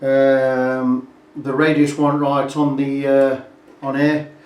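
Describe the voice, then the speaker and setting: A man's voice: medium pitch, completely flat delivery, takes it slowly, muffled recording. A man, a guitar repair technician, talking through a job in a casual, rambling way in his workshop. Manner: rambling, chatty, fills gaps with "blah blah". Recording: roomy, distant workshop sound.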